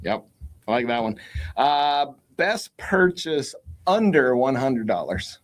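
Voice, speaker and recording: A man of middle pitch hosting a casual podcast interview. He keeps his questions brisk and upbeat, with short agreeing replies in between. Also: sing-song. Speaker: podcast host.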